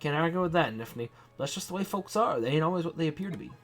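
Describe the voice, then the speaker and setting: A man's voice: fairly high pitch, animated, quick pace, soft background music. A man voicing a folksy young farm girl soldier from a video game, in a rural drawl.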